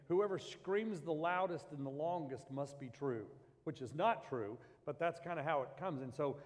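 A man's voice: on the high side, normal speed. A man preaching as pastor, talking in a loose, conversational way with restarts and asides. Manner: conversational, rambling storytelling with restarts. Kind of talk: sermon. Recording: long hall reverb.

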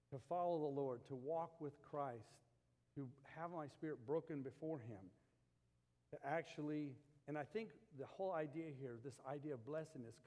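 A man's voice: on the high side, a little mellow. Male pastor preaching in a reverberant church. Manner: folksy, storytelling with homey asides. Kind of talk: sermon.

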